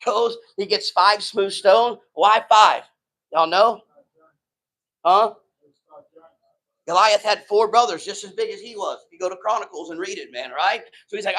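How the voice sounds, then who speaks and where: A man's voice: sits high, moderate pace, a bit bright, poor audio. A man preaching a sermon in a loose, slangy way, retelling stories with quoted voices. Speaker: pastor.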